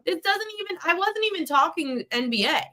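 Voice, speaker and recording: A woman's voice: very high voice, expressive, fairly quick, pushed and bright. A woman hosting a sports betting podcast, ranting heatedly at a commenter in a live chat. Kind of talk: live-stream betting talk.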